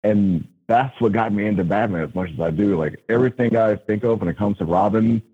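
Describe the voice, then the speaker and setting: Brief: easygoing male caller with a husky low voice, heard down a phone line. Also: brisk. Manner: laid-back, joking. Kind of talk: phone-in chat. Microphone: telephone.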